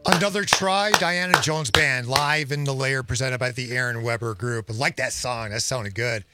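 Bright upbeat male radio host. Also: mid-range voice, moderate pace, faint music behind. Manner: upbeat announcer patter. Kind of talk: live radio hosting.

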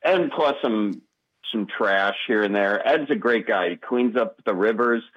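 Wisconsin-accent comedian guy, lowish voice, rambly and relaxed, muffled lo-fi audio. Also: unhurried. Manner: easygoing, rambling, many fillers. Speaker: comedian guest. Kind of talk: casual interview.

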